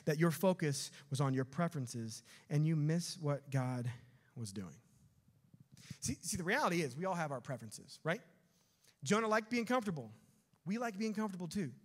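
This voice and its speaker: A man preaching a sermon as pastor, animated and storytelling, with sudden rising bursts of energy. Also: fairly high pitch. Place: church sanctuary. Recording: long church hall reverb.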